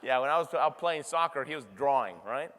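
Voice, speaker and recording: A middle-aged man giving a motivational keynote speech, energetic and conversational, often checking in with the audience. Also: medium pitch, a little fast. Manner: energetic, conversational, frequent tag questions to the crowd. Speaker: keynote speaker. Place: large convention hall. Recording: reverberant convention hall sound.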